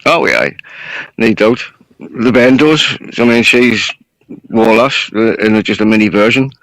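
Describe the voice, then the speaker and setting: A man's voice: on the low side, expressive, unhurried, fairly bright tone, no room sound, poor audio. A man with a Geordie accent chatting casually as a co-host on a livestream, chuckling often and saying aye a lot. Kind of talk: casual chat.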